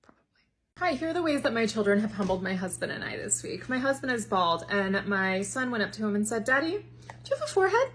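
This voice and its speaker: A woman's voice: mid-range voice, fast, hardly any pauses, fairly bright tone, a little hiss or hum. A woman in her thirties, a comedian and teacher, telling funny anecdotes in a chatty, confiding way. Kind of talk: comedic storytelling.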